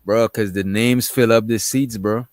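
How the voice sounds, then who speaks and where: A man's voice: lowish voice, unhurried, no echo. Profane, ranting male co-host, dry sound. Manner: animated ranting, profane, keeps saying bro. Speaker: podcast co-host. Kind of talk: casual chat.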